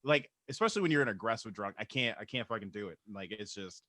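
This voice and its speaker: A man's voice: lowish voice, lively intonation, quick pace, pushed and bright, no echo, clean studio sound. A man co-hosting a podcast in casual comedic chat, rambling through stories and swearing freely. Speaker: podcast co-host.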